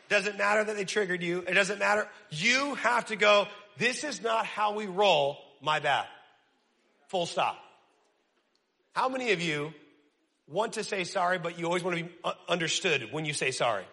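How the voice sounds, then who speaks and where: A male pastor preaches in a loose, energetic, joking way. His voice sits high and has a gravelly edge. A long hall reverb trails his words. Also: fairly quick. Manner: energetic, casual and self-deprecating. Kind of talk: sermon.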